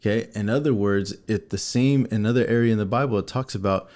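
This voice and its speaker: A middle-aged man co-hosting a faith-based conversation, explaining scripture in a relaxed, chatty way and laughing often. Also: on the low side, fast talker. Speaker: co-host. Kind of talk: faith-based casual chat.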